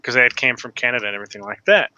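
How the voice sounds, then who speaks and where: A man's voice: mid-range voice, very fast, sharp tone, lo-fi sound. A man playing a game with friends, telling a rambling story in a casual, laid-back way. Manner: rambling, lots of fillers and restarts, laughs. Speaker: co-player.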